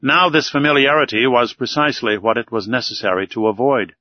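A man narrating an audiobook in a steady, measured reading. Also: medium pitch, a little hiss or hum. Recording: dull, dry recording.

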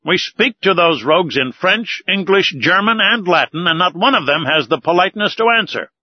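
A man reading aloud as a hot-tempered adult male harpooner, voicing him higher and louder in indignant outbursts. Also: animated, moderate pace. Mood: outraged. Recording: dull, lo-fi recording.

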